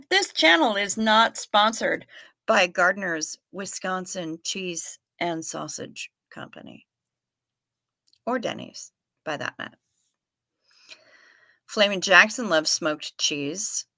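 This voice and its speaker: A woman's voice: medium pitch, expressive, takes it slowly, pauses often, bright, forceful tone, no echo. Chatty woman with a Minnesota accent. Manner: chatty, playful, reads viewer comments aloud. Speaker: livestream host. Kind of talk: casual chat reading live comments.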